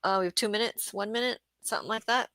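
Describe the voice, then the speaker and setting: A woman's voice: medium pitch, fast, bright, forceful tone, no room sound. A woman hosting a casual livestream about market gardening, chatting and reading viewer comments aloud.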